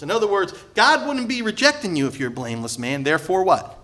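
A male pastor delivering a sermon, lively and sarcastic, acting out the people he quotes. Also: fairly high pitch, fairly quick. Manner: animated, sarcastic asides, acts out quoted voices.

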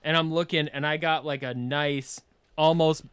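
A man guesting on a podcast, telling a story in a casual, animated way, swearing freely and laughing as he goes. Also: a little high, moderate pace, clear, resonant tone, no echo. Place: podcast studio.

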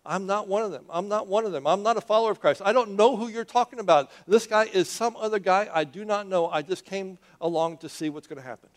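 A flustered, defensive apostle, as a preacher acts him out, pushing back with insistent denials. The voice sits a little high and rises as he protests. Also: fairly quick, few pauses, a little mellow, close to an everyday voice. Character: flustered male apostle denying his teacher.

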